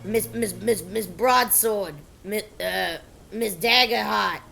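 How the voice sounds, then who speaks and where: A woman voicing a small, brash male flying creature that shouts and stumbles over names. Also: medium pitch, takes it slowly, gravelly, faint music behind, full character voice. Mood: shouting.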